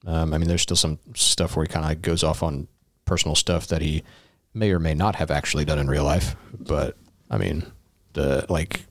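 A man from the Midwest with a very deep voice offers laid-back opinions in casual conversation. His voice sounds dry and close to the mic. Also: steady tone, normal speed, dry recording. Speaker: podcast co-host. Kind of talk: casual music discussion.

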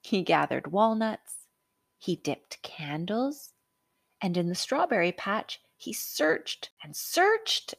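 A woman narrating a children's storybook aloud, expressive and unhurried. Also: on the low side, vocal fry, no room sound, clean studio sound.

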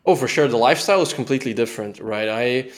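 A man who grew up in Brazil, calmly explaining lifestyle differences on a podcast. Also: medium pitch, fast. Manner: relaxed, explanatory, ends points with right. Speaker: podcast guest. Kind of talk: casual explanation.

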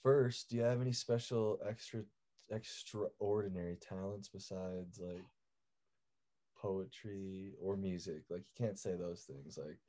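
A man interviewing a guest, asking rambling, halting questions with many fillers. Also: low voice, steady tone, dark tone. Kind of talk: casual interview.

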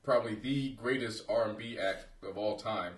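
A man co-hosting a podcast, talking in a measured, reflective, matter-of-fact way. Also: lowish voice, far from the mic. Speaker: podcast co-host. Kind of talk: casual chat.

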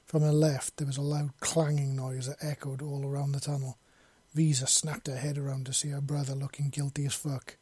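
Husky man reading his fan fiction. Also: mid-range voice, level tone, a little fast, mellow, no room sound. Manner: casual, sweary storytelling. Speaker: narrator, podcast author.

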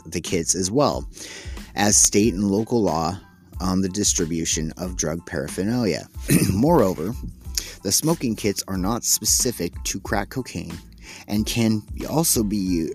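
A man hosting a solo podcast, reading news items aloud and breaking off to comment in a halting, exasperated way. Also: on the low side, a little mellow. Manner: halting and exasperated, frequent restarts. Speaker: podcast host.

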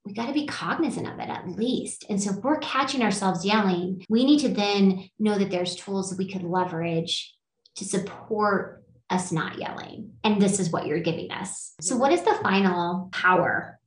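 Animated woman host in a roomy room. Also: medium pitch, normal speed. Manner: animated, laughing, self-deprecating. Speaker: podcast host, teacher. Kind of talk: casual conversation.

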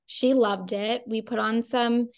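A woman's voice: a little high, steady tone, takes it slowly. A woman telling stories as a costume designer guest, chatty and full of fillers. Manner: chatty, filler-heavy with frequent "like". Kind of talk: casual interview storytelling.

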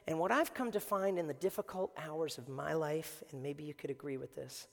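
A man preaching a sermon to a congregation, swinging from shouting to hushed tones and acting out the lines he quotes. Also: fairly high pitch, moderate pace, vocal fry, hardly any pauses. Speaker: pastor. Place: church sanctuary before a congregation. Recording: echoey hall reverb.

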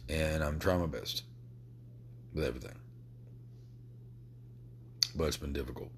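A man hosting his own podcast, talking emotionally and with lots of swearing and halting restarts. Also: extremely low pitch, gravelly, slight background noise. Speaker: podcast host. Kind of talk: personal podcast talk.

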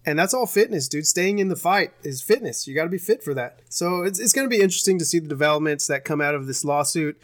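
Earnest podcast dude, slightly high voice, dry close mic. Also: male voice, expressive, fast, few pauses, no echo. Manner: earnest, speechlike, slangy with "dude" and "man". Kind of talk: casual chat.

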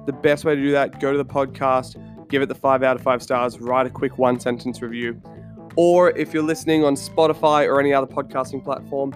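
An Australian man hosting his own podcast, talking earnestly and telling a story to his listeners with questions along the way. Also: medium pitch. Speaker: podcast host and coach. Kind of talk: solo podcast talk. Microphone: studio microphone.

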